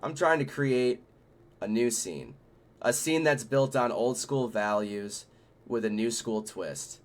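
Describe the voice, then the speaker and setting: A man's voice: mid-range voice, slow pace. A man hosting a casual chat about a festival he organized, talking in a loose, profane, laid-back way. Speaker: festival organizer and show host.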